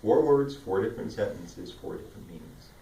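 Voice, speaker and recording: Low-voiced male coach in a roomy space. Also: animated, fairly quick, dark tone, highs cut off. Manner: upbeat, demonstrative, reciting drills. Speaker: speech and debate coach. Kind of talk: instructional talk. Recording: roomy sound from a distant mic.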